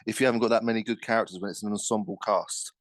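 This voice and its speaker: A man's voice: lowish voice, steady tone, racing. A man hosting a casual podcast chat, asking questions with frequent stammers. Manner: questioning, stammering, laughs often. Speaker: podcast host.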